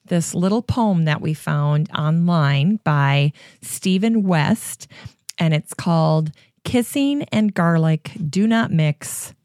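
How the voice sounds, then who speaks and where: A woman with a slightly low voice hosts a relaxed family podcast, introducing each reading with playful cheer. She sits close to a studio microphone in a dry, dead-sounding room. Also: takes it slowly, no room sound. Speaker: podcast host. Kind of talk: casual family podcast chat. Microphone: studio microphone with pop filter.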